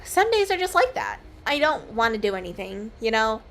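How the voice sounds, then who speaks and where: A woman voicing a sleepy, laid-back young frog lounging in a warm pot, reading its lines aloud in a game. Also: on the high side, big pitch swings, normal speed, soft background music. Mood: lazy.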